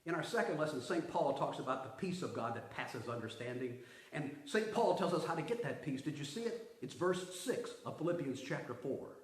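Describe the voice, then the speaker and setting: A man's voice: a little high, animated, fairly quick. Man preaching a sermon in an echoey room. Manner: emphatic preaching with swings from loud to hushed. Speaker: pastor. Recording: roomy echo.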